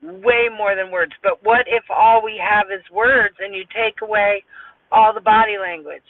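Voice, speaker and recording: A man's voice: high-pitched, steady tone, unhurried, dry recording. A man with a Southern US accent hosting a support group chat, giving advice and repeating his key points for emphasis. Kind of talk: casual livestream chat. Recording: tinny phone-like audio.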